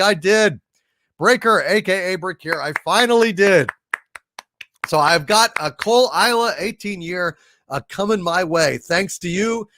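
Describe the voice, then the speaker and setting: A male livestream host reading out viewer messages in a lively, exclamatory way, often breaking into disbelieving outbursts. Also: high-pitched, a little slow, no echo, clean studio sound.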